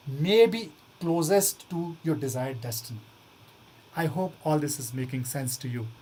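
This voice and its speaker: A man giving a motivational talk to students. He earnestly coaxes them along and keeps repeating his questions back to the room. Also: high-pitched. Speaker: motivational speaker.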